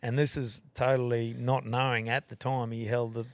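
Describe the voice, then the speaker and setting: A man's voice: mid-range voice, flat delivery, moderate pace, no room sound. A man with an Australian accent, a podcast guest telling a rambling, swear-filled story and correcting himself as he goes. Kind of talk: casual storytelling.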